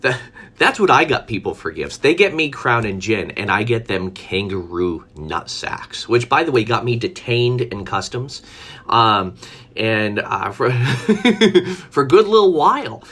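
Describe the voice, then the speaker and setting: A man's voice: fairly low pitch, big pitch swings, slow, sharp tone, slightly rough. A man telling a story in a casual live stream, chatty, with frequent laughter, fillers and restarts. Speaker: vlogger.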